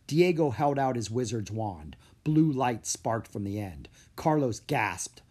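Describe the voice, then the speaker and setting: A man narrating a children's story in an animated storybook way. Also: medium pitch, slow pace, few pauses, husky.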